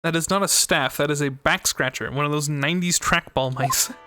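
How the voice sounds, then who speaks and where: A man's voice: on the high side, brisk, sharp tone, no room sound, studio quality. Young male streamer, loose joking commentary, game music under him. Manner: joking, rambling, swears freely. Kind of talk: casual gameplay commentary.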